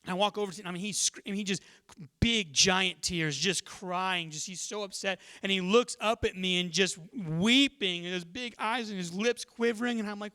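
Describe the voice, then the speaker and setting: A pastor from Texas preaching a sermon in a conversational, energetic storytelling manner. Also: male voice, high voice, moderate pace, clean tone. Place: church.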